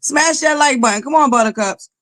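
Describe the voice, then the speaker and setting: A woman hosting a livestream, loud and belligerent, who swears nonstop while greeting viewers and pushing for likes. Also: high voice, fairly quick. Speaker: livestream host. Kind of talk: profane live-chat commentary.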